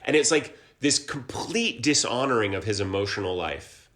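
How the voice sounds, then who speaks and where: A man in his forties, from Ohio, speaks as an interview guest at an ordinary pitch. He sounds earnest and reflective. He trails off and restarts his thoughts as he searches for the right words. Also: lively intonation, normal speed, fairly bright tone. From Columbus, Ohio. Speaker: guest, actor and musician. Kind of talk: casual conversational interview.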